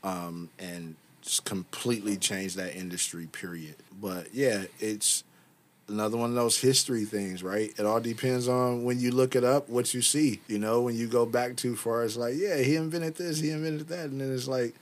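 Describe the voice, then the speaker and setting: A man's voice: mid-range voice, fairly even intonation, moderate pace. A man co-hosting a casual podcast, talking in a laid-back way and swearing casually. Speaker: podcast co-host. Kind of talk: casual chat.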